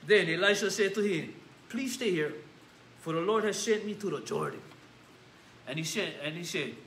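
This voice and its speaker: A man's voice: high voice, sharp tone, roomy sound, slight background noise. A man with a Hawaiian Pidgin-tinged accent preaching casually and reading scripture, tossing in "yeah?" and "bro". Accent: Hawaiian Pidgin-tinged English. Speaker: pastor. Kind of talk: informal sermon with scripture reading. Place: church sanctuary.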